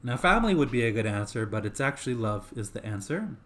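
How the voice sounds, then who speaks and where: A man casually talking through a side mission he wrote for his own game, in a relaxed, explanatory way. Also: mid-range voice, quick pace, a little hiss or hum. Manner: relaxed, explanatory, with small restarts. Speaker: game developer.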